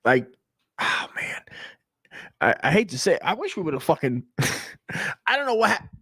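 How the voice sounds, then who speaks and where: A man in his forties from the United States who hosts a comedy stream and talks in a rambling, profane, excitable monologue full of restarts. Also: high-pitched, fairly quick, husky. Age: 40s.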